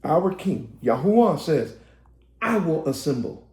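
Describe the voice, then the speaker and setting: Hoarse preacher man, echoey room. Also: fairly high pitch, sing-song, unhurried. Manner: rising to emphatic, shouted preaching. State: voice getting hoarse. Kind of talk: sermon preaching to online viewers.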